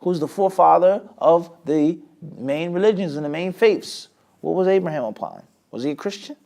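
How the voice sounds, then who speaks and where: A man teaching an Islamic lesson, often asking a rhetorical question and answering it himself, with sudden swings between loud and quiet. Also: fairly high pitch, moderate pace, creaky. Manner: lively, with many sudden rises and drops in loudness. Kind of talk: lecture class.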